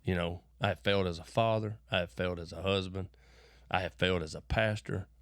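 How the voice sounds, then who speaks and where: As an interview guest, this middle-aged West Texan spins folksy, rambling stories in his local accent, often repeating and restarting words and slipping into preachy bursts. He speaks briskly in a low, slightly bright voice with fairly even intonation, recorded in studio quality without echo.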